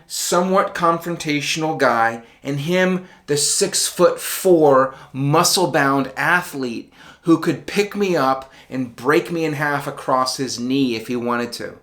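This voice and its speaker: A man's voice: a little high, fairly bright tone. A middle-aged man telling a personal story in a wry, conversational monologue with self-deprecating asides. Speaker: video essayist.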